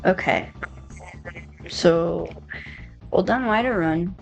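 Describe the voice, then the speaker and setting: A woman's voice: lowish voice, slow pace, gravelly, dull audio, soft background music. A woman streaming a game live, talking herself through it and swearing freely. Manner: swears freely, talks to herself while playing. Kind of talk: live gameplay chat.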